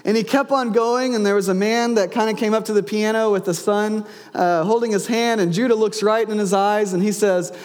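A man's voice: high-pitched, steady tone, fairly quick, few pauses, a little mellow. A man in his thirties, a pastor preaching a sermon, telling a personal story and acting out his son's lines and his own. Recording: long hall reverb.

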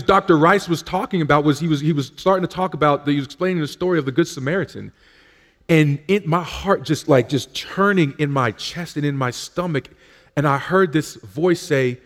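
A man's voice: on the high side, lively intonation, moderate pace, a bit bright. A man preaching in a church service, telling his own story in a conversational way with frequent fillers and restarts. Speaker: pastor. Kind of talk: sermon with personal testimony.

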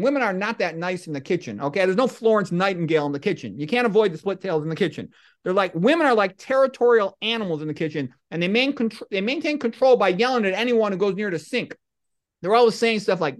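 A middle-aged man hosting a podcast, telling comic stories in a deadpan, rambling way with lots of asides. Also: sits high. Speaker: podcast host. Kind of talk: comic monologue and storytelling.

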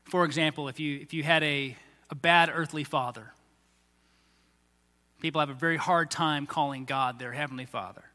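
Male pastor, high voice, very bright tone, lively sermon delivery, long reverb of a church hall. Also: normal speed, pauses often. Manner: animated, acts out quoted voices of the crowds and leaders.

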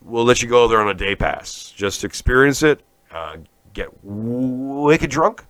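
A man's voice: medium pitch, animated, unhurried, a bit bright, no room sound. A man from Canada hosting a podcast, rambling through a profane, sarcastic comic rant. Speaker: podcast host.

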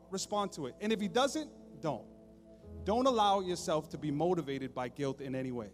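A man preaching a sermon as pastor, conversational and joking, at times dropping to a soft, intimate tone. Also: high-pitched. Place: church stage. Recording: long hall reverb, faint music behind.

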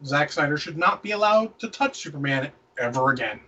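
Guy ranting about movies, kinda high voice, husky, sounds far off and muffled. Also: lively intonation, brisk, sharp tone. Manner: opinionated, ranting, swears freely. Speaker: podcast co-host. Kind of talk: casual movie review chat.

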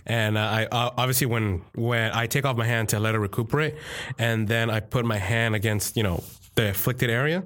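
A man's voice: medium pitch, fairly quick, a bit bright. A man playing a tabletop role-playing game, talking casually and joking. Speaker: player.

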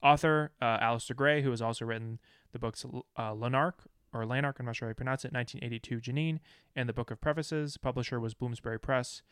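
A man hosts a casual podcast in an upbeat, easygoing way, often laughing between lines. His voice sits at a middle pitch and sounds close and dry. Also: fairly even intonation, fast talker, a bit bright, clean tone, no echo. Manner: upbeat, laughing, reads lists of facts. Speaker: podcast host. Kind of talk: casual chat.

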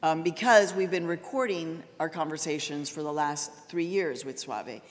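A woman's voice: low voice, moderate pace. A woman giving a public lecture, telling a story in an earnest way and raising her voice for emphasis. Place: large lecture hall. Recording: long hall reverb.

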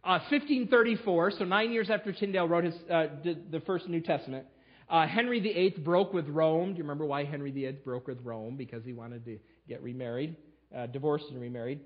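A man's voice: fairly high pitch, brisk, muffled recording. A man preaching a sermon to his church, telling history with emphatic storytelling. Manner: emphatic storytelling, fillers and restarts. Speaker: pastor. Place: church sanctuary.

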